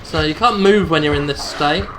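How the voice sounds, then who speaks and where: A man's voice: a little high, moderate pace, background noise. A man giving sarcastic, jokey commentary while playing a shooter game. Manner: jokey, mocking, exclaiming at the game. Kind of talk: sarcastic let's-play commentary.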